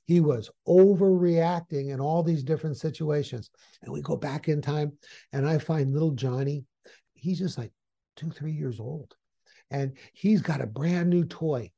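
A man's voice: a little high, warm tone. A man who works as a hypnotist giving a storytelling training lecture, talking conversationally with rhetorical questions and repetition.

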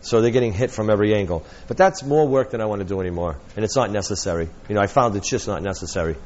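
A man teaching a workshop, an animated storyteller who acts out quotes and laughs often. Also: fairly low pitch, racing, muffled recording. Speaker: hypnotherapy trainer.

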